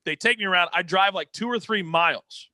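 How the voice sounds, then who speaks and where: A man telling a dramatic story as an interview guest, energetic and expressive, on a close podcast mic. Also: high-pitched, a little fast, no room sound. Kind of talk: animated storytelling.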